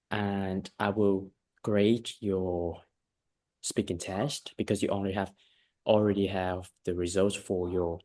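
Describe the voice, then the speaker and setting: Lower-voiced male English teacher. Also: darkish tone. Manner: repetitive, emphatic advice with frequent check-ins. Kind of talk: one-on-one lesson feedback.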